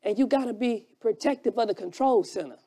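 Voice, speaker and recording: A preacher delivering an emphatic sermon, shouting key lines and repeating phrases for effect, with quieter, quicker asides in between. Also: medium pitch. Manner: drops to a quiet, fast aside at times.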